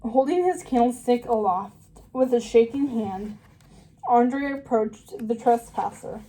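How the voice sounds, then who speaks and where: A woman reading a children's novel aloud, slowly and carefully, with small slips and restarts. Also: on the high side, mellow, low-quality recording. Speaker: reader.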